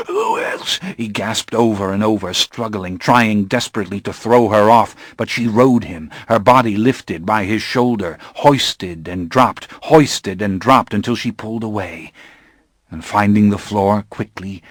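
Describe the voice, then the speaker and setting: A man with a low voice reads a gothic novel aloud in the first person. His delivery is measured, grim and deliberate. The recording is dry and close-miked, with no room around him. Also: no echo. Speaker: audiobook narrator. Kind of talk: scripted first-person audiobook narration.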